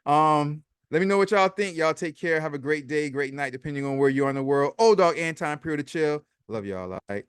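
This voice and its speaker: A man's voice: on the high side, brisk, few pauses, clean tone, no echo. Chatty man hosting a dry-sounding commentary vlog. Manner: chatty, sarcastic, repeats himself; reads posts aloud and adds his own comments. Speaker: host.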